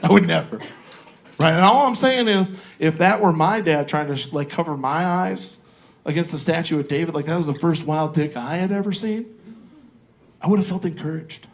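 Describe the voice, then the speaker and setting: Crude stand-up comic working a club crowd. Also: male voice, a little high, moderate pace. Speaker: stand-up comedian. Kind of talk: stand-up comedy set. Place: comedy club stage with live audience.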